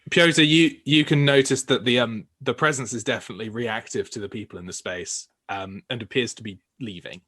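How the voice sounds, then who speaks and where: A man's voice: mid-range voice, fairly quick, hardly any pauses, sharp tone. A man narrating as game master of a tabletop game, hesitant with many fillers and restarts.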